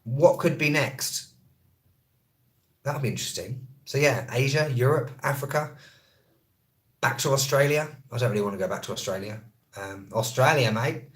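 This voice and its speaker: A man in mid-range pitch rattles through viewer comments on a live stream. He is quick and easygoing, tripping over words and fixing them on the fly, like a traveller who also teaches English. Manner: quick, chatty, self-correcting. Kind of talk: casual live-stream chat answering comments.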